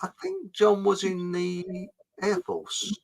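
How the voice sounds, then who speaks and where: A man's voice: high-pitched, sing-song, slow, gravelly, poor audio. A middle-aged man hosting a casual live chat show, reading out viewer comments in a jokey, rambling way. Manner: jokey and rambling, with frequent fillers.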